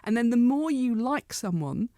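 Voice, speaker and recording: A woman with an English accent, a scientist explaining her field in a chat, quick and lively with restarts. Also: a little high, no echo, clean studio sound. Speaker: neuroscientist guest.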